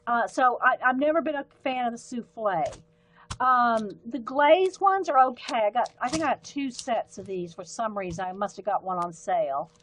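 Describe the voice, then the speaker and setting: A woman's voice: fairly high pitch, normal speed, fairly bright tone, a little hiss or hum, poor audio. A woman with a light Southern accent hosting a casual live art stream, chatting in a rambling way with frequent ums and self-corrections while she tries out pens at her desk. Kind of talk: casual livestream chat.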